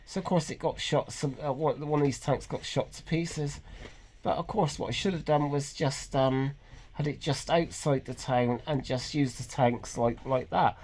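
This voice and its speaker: A man, talking in a halting, hesitant way with many pauses and restarts in an earnest, emotionally raw personal vlog. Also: mid-range voice, darkish tone. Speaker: vlogger. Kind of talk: personal confessional monologue.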